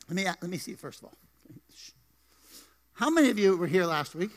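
Joking male pastor, bright high voice, live church sermon in a reverberant room. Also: big pitch swings, moderate pace. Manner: playful, joking banter with the congregation. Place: church sanctuary.

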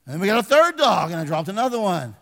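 An older man preaching a folksy sermon as pastor, swinging from loud exhortation to hushed asides and calling for amens. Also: sits high, very animated, quick pace, vocal fry. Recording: long reverb of a large hall.

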